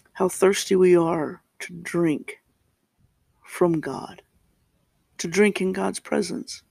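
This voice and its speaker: Male pastor, higher register, gravelly texture, unhurried and deliberate scripture reading. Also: a little mellow, dry recording. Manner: slow, deliberate reading with pauses and restarts. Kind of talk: scripture reading and reflective sermon.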